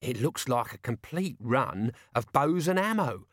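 A man's voice: mid-range voice, sing-song, a little slow, no echo, studio quality. A man voicing a cheeky, grumbling scruffy male corporal in an audiobook. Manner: whiny, cheeky.

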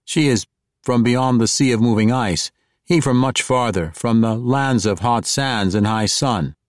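A man voicing a courtly, persuasive male dark elf rogue who speaks in polished, ornate phrases. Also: medium pitch, unhurried, no room sound, studio quality, pitched above the performer's own voice, lightly acted. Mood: smooth diplomatic.

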